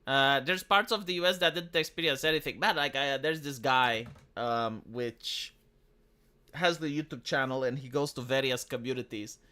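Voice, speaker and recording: A man's voice: mid-range voice, normal speed, sharp tone, smooth. A man from Romania ranting on a livestream, profane and full of restarts and fillers. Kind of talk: casual opinionated livestream rant.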